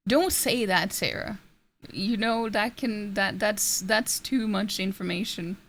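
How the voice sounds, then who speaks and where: Gravelly-voiced woman streamer. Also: mid-range voice, slow, a bit bright. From Norway. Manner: rambling, self-interrupting, laughs often. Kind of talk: casual chat reading out chat messages. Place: home streaming setup.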